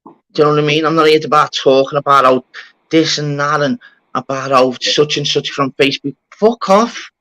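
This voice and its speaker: A man hosting a casual live-stream chat, rambling, animated and swearing a lot. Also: fairly high pitch, normal speed, dry recording, rough recording. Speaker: channel host.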